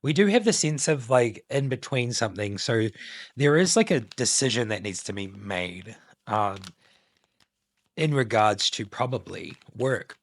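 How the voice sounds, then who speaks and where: Man, tarot reader, meandering casual talk, middle pitch, dry recording. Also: animated, unhurried, dry recording. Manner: meandering, many filler likes, intuitive musing. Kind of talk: casual spoken tarot reading.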